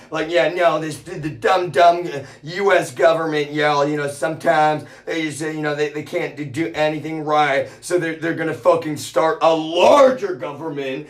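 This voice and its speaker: A man streaming live, ranting with heavy swearing and constant repetition, swinging from low muttering to shouts. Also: brisk, few pauses. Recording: echoey room.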